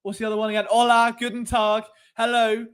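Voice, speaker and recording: A young man with a British accent rambles through a casual sports live stream, teasing and joking as he goes. His speaking voice sits high for a man. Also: monotone, brisk, smooth. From Britain. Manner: cheeky, rambling, jokey. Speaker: sports show host.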